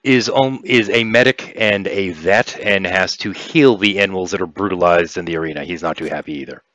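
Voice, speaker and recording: A man narrating as game master in a tabletop role-playing game, pausing and restarting often. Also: low-pitched, fairly bright tone. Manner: hesitant, many restarts. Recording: dull lo-fi dry sound.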